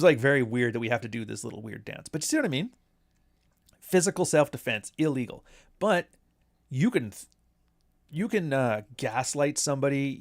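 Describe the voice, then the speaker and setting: Blunt, sarcastic man livestreaming. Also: mid-range voice. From Canada. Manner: blunt, sarcastic, laughing at his own jokes. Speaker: commentary streamer. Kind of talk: casual livestream commentary.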